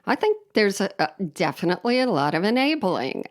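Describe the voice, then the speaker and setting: A woman co-hosting a podcast in casual chat, joking in a wry, deadpan way. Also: medium pitch, brisk. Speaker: podcast co-host.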